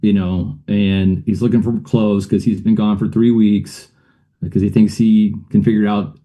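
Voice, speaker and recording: Dark-voiced middle-aged man telling his story. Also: fairly low pitch. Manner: rambling, with many fillers and uneasy laughs. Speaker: guest.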